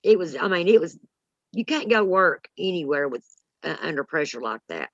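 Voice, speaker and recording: A woman, telling a story in a blunt, salty and animated way. Her voice sits low, and the sound is close, dry and a little muffled. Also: normal speed, no echo. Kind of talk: casual storytelling chat.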